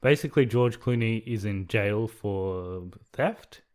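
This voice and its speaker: A man in relaxed podcast chat, with a somewhat low voice. He talks hesitantly and restarts his sentences as he works out what he thinks. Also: slow. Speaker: podcast co-host. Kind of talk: casual chat.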